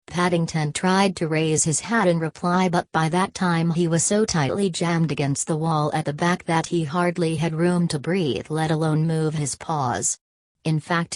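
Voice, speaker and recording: A woman reading a children's storybook aloud in a steady, even storytelling manner. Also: deep voice, no room sound. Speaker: reader. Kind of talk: storybook narration.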